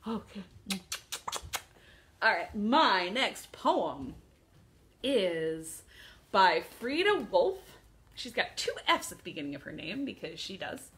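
A woman's voice: medium pitch, sing-song, slow pace, pauses often, a bit bright, slight background noise. A woman leading a children's storytime at home, reciting poems in a playful sing-song way, chuckling as she goes, with a ukulele behind her.

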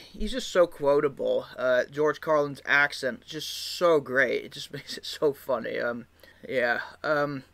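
Male video creator, mid-pitched, loose and rambling, laughs a lot. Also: a little slow, creaky, fairly bright tone. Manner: rambling, many fillers, laughs often. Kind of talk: casual video commentary.

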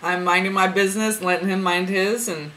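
A woman who reads spiritual cards, chatting to camera as she retells a dream, rambling with lots of fillers and restarts and getting emotional and excited. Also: medium pitch, fairly quick, low-quality recording. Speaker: spiritual card reader.

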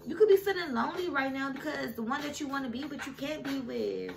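A woman's voice: high-pitched, fast talker. A woman doing a casual tarot reading who talks straight to her viewers and gets emotional. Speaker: tarot reader. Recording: music playing behind her.

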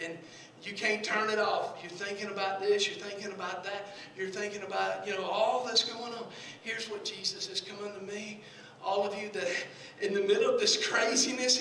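A Southern US pastor preaching a sermon, swinging from shouted passages to soft hushed ones, recorded in a large church sanctuary from a distance. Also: male voice, high voice, a little hiss or hum. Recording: echoey church hall from far off.

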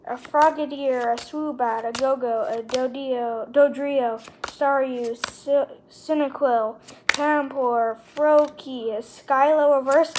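An excitable woman unboxing trading cards, her high voice running unhurried as she names each card. She gushes over the rare pulls, and faint hiss sits under the camera-mic sound with wrappers crinkling nearby. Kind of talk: casual unboxing commentary.

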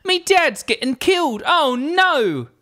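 A woman voicing a loud, boastful young male hero with a put-on Cockney accent as a comedy bit. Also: high voice, sing-song, slow, pitched above the performer's own voice, heavily acted. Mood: cocky. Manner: boastful, shouted bluster.

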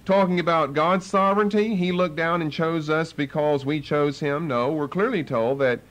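A man's voice: a little high, moderate pace, a bit bright. A man preaching a Bible study sermon as pastor, emphatic, driving points home by repeating key phrases.

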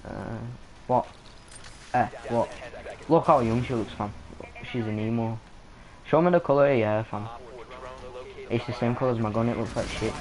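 A man's voice: medium pitch, noisy background. A man chatting crudely and joking while gaming online. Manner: crude, joking, laughs often. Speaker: gamer. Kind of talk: casual chat while gaming.

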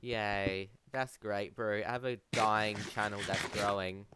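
A man's voice: lowish voice, fairly even intonation, slow pace, noisy background. A man streaming a game, chatting casually and rambling to his chat, calling them bro. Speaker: gaming streamer.

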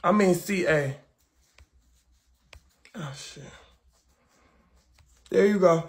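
A man's voice: high voice, extremely slow. A man hosting a livestream, chatting with viewers in a brash, profane, talkative way. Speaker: livestream host. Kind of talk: casual livestream chat.

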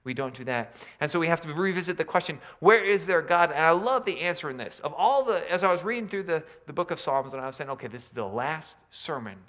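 A man preaching a sermon, swinging between loud emphatic lines and quiet low asides. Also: expressive, fast, few pauses. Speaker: pastor.

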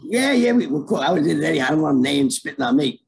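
Gravelly animated New storyteller man. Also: fairly high pitch, fast, rough recording. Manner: animated, streetwise, acts out voices in his stories. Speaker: storyteller guest. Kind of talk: casual storytelling.

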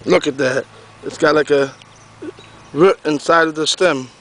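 A man's voice: on the high side, steady tone, a little slow, fairly bright tone, low-quality recording. A man giving a rambling, casual walking tour of his pumpkin garden outdoors to a handheld camera. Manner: rambling, repeats himself, talks to the camera while walking. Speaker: pumpkin grower.

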